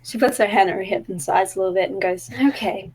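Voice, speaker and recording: A woman taking part in a tabletop game, describing her character's moves at a middle pitch. She hesitates often and fills the gaps with ums. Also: fairly even intonation, very fast. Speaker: player.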